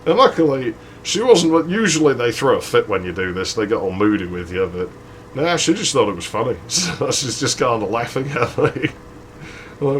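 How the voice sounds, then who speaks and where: A man's voice: medium pitch, lively intonation, moderate pace, a little hiss or hum. A man hosting a gaming channel, telling a crude, rambling story with frequent laughs. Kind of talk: casual storytelling over gameplay.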